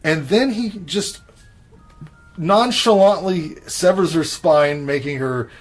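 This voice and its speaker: A man's voice: on the high side, slow, faint music behind. A man co-hosting a podcast in casual chat, blunt and profane, laid-back, with many fillers. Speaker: podcast co-host reviewing horror films.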